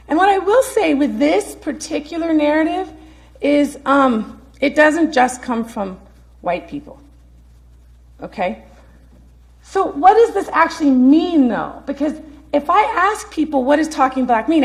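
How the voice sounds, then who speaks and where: A woman's voice: high voice, animated, a little slow. A woman giving an academic lecture to students, engaging them with frequent questions. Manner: engaging, asks the audience questions. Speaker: keynote speaker. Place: lecture hall.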